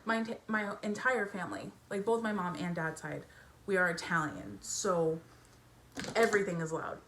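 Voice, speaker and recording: A woman's voice: fairly low pitch, lively intonation, normal speed, a bit bright, slight background noise. A young woman chatting casually while doing her makeup in a get-ready-with-me video, with lots of fillers and a self-conscious, giggly way of talking. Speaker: beauty vlogger. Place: home bedroom with family noise downstairs.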